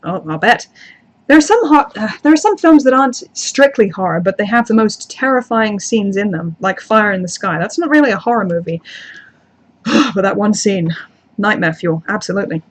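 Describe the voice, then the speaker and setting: A woman's voice: mid-range voice, lively intonation, moderate pace. A young woman hosting a casual livestream, reading and answering chat in a chatty, self-deprecating way with frequent restarts. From outside the United States. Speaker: channel host reading live chat.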